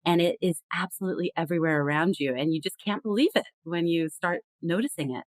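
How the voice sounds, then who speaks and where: A woman's voice: lowish voice, fast talker, no echo. A woman guest on a podcast, explaining in an earnest, conversational way and acting out example phrases. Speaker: podcast guest, communication consultant. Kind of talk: conversational interview.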